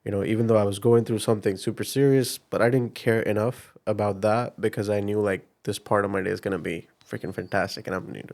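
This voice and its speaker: A young man from India with an Indian accent, a podcast guest telling his story in an upbeat, energetic way with plenty of fillers. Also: on the low side, fast talker, gravelly, few pauses. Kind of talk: casual interview chat.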